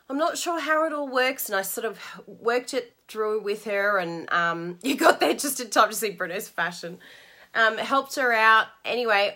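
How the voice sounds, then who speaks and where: Bubbly, bright Australian woman. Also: medium pitch. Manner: bubbly and chatty, laughs often. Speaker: stamping and craft demonstrator. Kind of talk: casual live-stream chat to viewers.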